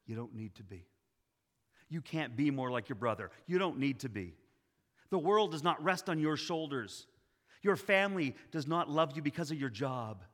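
Jesus, voiced by a man, talks slowly and tenderly, then rises with calm authority. His bright voice rings through a hall with a long reverb. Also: mid-range voice, natural voice. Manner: slow, deliberate, tender with bursts of authority. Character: Jesus, gentle but commanding man.

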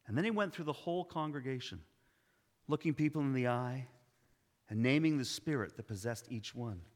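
A male pastor telling a story in a sermon with a measured delivery, recorded in a church sanctuary. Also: medium pitch, expressive. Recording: long hall reverb.

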